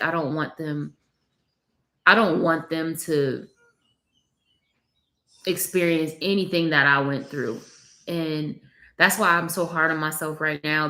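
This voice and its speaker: A low, sharp-toned voice belongs to a young mother of three who vlogs from home with her baby on her lap. She talks casually and confidingly to viewers, tearful and nearly crying.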